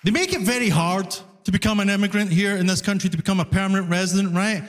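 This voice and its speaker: A man from Scotland with a Glasgow accent, doing an animated, self-mocking stand-up comedy set on stage. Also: high-pitched, fast talker, some chatter behind. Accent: Scottish, Glasgow. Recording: live club mic with long reverb and faint noise. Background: audience laughter.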